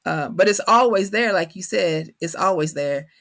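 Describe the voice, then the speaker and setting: In a reflective interview, a middle-aged woman from Kentucky, an author guest with a country accent, speaks at a moderate pace in a lowish voice. She comes across as thoughtful, often searching for words.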